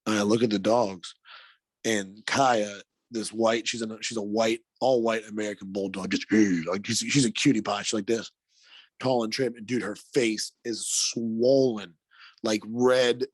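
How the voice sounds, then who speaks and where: Animated man telling a story, dry sound. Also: lowish voice, measured pace, no room sound. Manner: animated, swears freely, lots of "like" and "dude". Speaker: podcast co-host. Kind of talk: casual storytelling chat.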